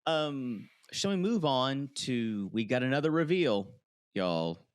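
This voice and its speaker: A man co-hosting a podcast recaps a reality show slowly and clearly, his medium-pitched voice resonant. He chats casually and animatedly, acting out quotes in voices. There's no echo, and the sound is studio quality.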